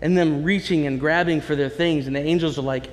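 A man preaching a sermon in a conversational, animated way, with asides to the congregation. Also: on the high side, brisk, big-room sound. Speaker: pastor.

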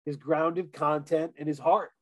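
A man's voice: fairly high pitch, steady tone, measured pace, no room sound. A man co-hosting a casual podcast chat about an album, talking enthusiastically with lots of fillers and restarts. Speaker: podcast co-host reviewing an album.

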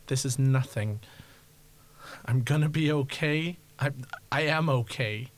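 A woman speaks softly and haltingly, soothing a frightened child, voiced by a man in a tabletop game. The delivery is gentle and restrained, with pauses and restarts. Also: mid-range voice, natural voice. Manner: soft, halting reassurance.

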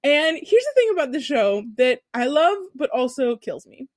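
A young woman chatting casually as a podcast host, telling an animated, profane story full of asides. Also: sits high, normal speed, dry recording, clean studio sound. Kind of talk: casual chat.

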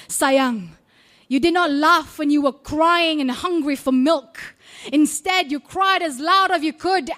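A woman with a Malaysian accent giving a spoken word poetry performance, reciting with dramatic, emphatic phrasing. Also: sits high.

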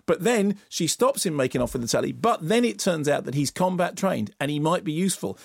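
A man reviewing films on a radio show, telling the plot in an animated, wandering way from a studio microphone. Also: on the high side, fairly quick, vocal fry, no echo. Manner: animated, tangential, slips into comic voices. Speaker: film critic. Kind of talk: radio film review chat.

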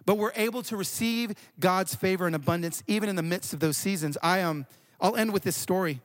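Guy pastor telling a story in his sermon, lively, stumbles and repeats himself. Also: high voice, fairly quick. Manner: animated, repeats words while telling stories.

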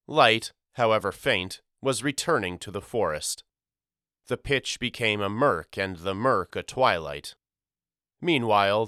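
A man reads a novel in first person, measured and somber. His voice is lowish yet bright and smooth. It is recorded dry and close to the mic. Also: no echo. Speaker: audiobook narrator. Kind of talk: scripted first-person narration.

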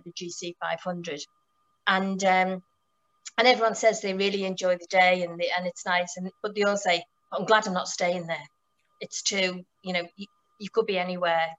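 A middle-aged woman tells stories about her motorcycle tours. She is casual and full of enthusiasm, and she often restarts her sentences. Her voice sits at a middle pitch. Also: fairly bright tone, low-quality recording. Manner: enthusiastic, many restarts and fillers. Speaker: motorcycle tour operator. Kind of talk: casual storytelling.

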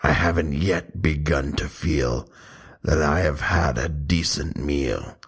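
A man voicing a hungry, sly big bad wolf in a comic poem reading, drawn out and low. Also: slow, gravelly, husky, full character voice. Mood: greedy.

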